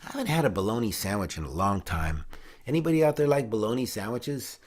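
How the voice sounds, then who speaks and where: Rambling middle-aged man, fairly low voice. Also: expressive, fast talker, noisy background. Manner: rambling, warm-hearted, breaks into singing. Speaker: host. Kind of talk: casual livestream chat.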